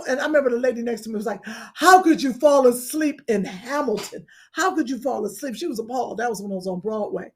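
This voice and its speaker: Woman co-host, somewhat high voice, loud, laughing, stops and restarts. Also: slightly rough. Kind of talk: casual podcast chat.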